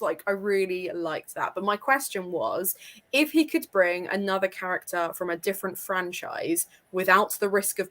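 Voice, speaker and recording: Co-host, young woman, casual and excitable, laughs and swears a lot. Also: medium pitch. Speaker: podcast co-host. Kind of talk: casual chat.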